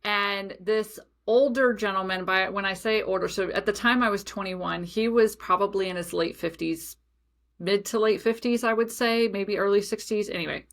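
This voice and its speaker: A young adult woman talks casually on her podcast, rambling through a personal story. She keeps adding asides and fillers, and her voice has an ordinary, middle pitch. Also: normal speed. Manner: chatty, animated storytelling with many asides and fillers. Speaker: podcast host.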